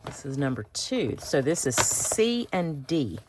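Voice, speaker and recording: A woman's voice: deep voice, big pitch swings, a little slow, noisy background. A woman hosting a craft video, chatting casually and thinking aloud as she cuts out pictures.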